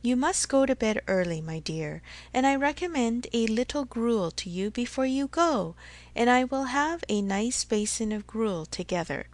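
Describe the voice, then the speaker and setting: A woman's voice: on the high side, animated, moderate pace, no room sound, lightly acted. A woman reading the part of a fussy, anxious elderly father who frets fondly over his family's health. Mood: fretful fond. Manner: fretful, fond, repeats endearments. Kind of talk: audiobook character reading.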